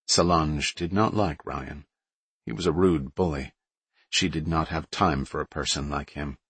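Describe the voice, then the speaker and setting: A male audiobook narrator telling the story in a plain, even voice. His voice is low and husky with a bright, tense edge. The recording is dry and close. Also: moderate pace, dry recording. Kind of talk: scripted narration.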